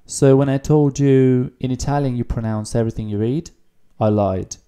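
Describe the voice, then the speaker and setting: A man's voice: medium pitch, moderate pace, warm tone, clear, resonant tone. A man teaching an online beginner language lesson, explaining patiently and repeating words for practice. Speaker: Italian teacher.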